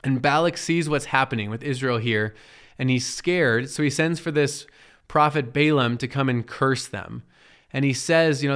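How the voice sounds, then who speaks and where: A man with a mid-range, fairly bright voice teaches from the Bible at a normal speed in a casual, conversational style. He often checks in with "right?" and acts out the characters he quotes.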